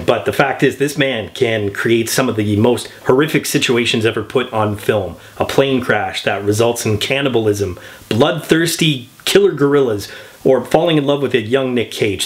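A man hosting a comedic film review, talking with wry, joking asides. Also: medium pitch.

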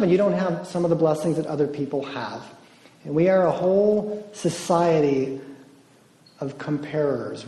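A man's voice: on the high side, dark tone. A man preaching at a conference, earnestly leading the audience in call-and-response affirmations. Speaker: conference speaker. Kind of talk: sermon. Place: conference hall. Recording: echoey hall with long reverb.

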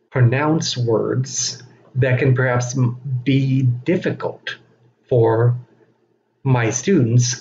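A man giving a recorded teaching lecture, speaking slowly and deliberately with frequent fillers. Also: medium pitch, a little mellow. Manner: slow, deliberate, self-aware delivery with frequent fillers. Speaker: instructor. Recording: dull lo-fi recording with faint noise.

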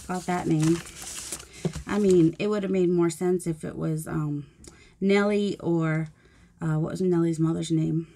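A woman's voice: lowish voice, dark tone, slight background noise. Chatty rambling woman crafting. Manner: rambling, musing aloud while working; self-deprecating. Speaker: mixed media crafter.

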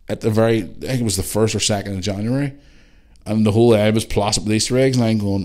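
A man's voice: on the low side, steady tone, fast, darkish tone. A man hosting a casual solo podcast, chatting in a rambling way and swearing freely. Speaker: podcast host.

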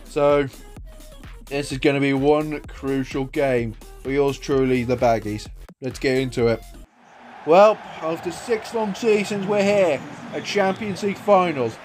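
A man commentating his own football video game career, moving between calm play-by-play and loud excited outbursts. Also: a little high, unhurried, faint music behind. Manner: swings from calm play-by-play to shouting and swearing. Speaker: gaming YouTuber.

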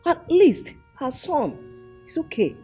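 A woman's voice: high voice, very animated, takes it slowly, warm tone, heavily acted. An actress with a Nigerian accent playing a persistent middle-aged mother who soothes and pleads with her daughter, with film music behind. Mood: coaxing. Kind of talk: Nollywood film acting.

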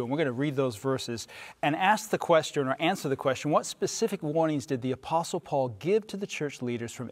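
A pastor with a mid-range voice presents his part of a televised Bible study. He speaks quickly and affirmingly, then reads scripture aloud. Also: medium pitch. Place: television studio.

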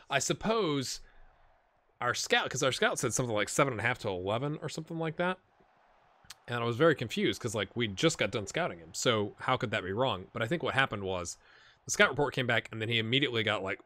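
A man's voice: on the low side, pushed and bright, no echo. A man hosting a gaming video, giving rambling, chatty commentary with jokey asides to the players. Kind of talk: casual gameplay commentary.

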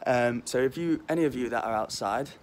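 A man's voice: medium pitch, brisk. Man, 20s, mild Liverpool accent, self-mocking vlog host, phone recording outdoors with faint wind noise. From Liverpool, England. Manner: cheeky, rambling, self-mocking. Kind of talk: casual joking vlog. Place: outdoors in a windy back garden. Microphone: phone held while walking.

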